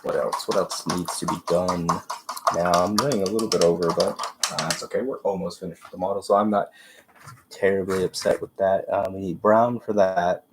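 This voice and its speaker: A man's voice: low voice, steady tone, fairly quick, background noise. A man with a congested voice hosting a livestream, rambling and muttering as he paints miniatures. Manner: rambling, trailing off and muttering while working. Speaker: livestream host. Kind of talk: casual commentary while painting miniatures.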